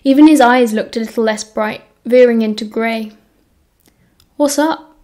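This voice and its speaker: A woman with a British accent narrating an audiobook in a steady storytelling manner. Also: fairly high pitch, normal speed. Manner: steady storytelling, voicing characters.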